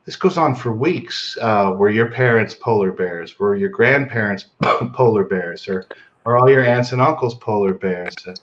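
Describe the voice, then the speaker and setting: A man telling a favorite joke to friends in a dry, deadpan way. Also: lowish voice, moderate pace, dull audio.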